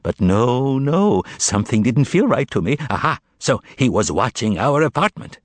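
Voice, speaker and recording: A man voicing a fussy, theatrical male sidekick in an audiobook, excitable and wailing. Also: moderate pace, no echo, close to an everyday voice. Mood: excited. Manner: excitable, high and shrill. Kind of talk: audiobook character voice.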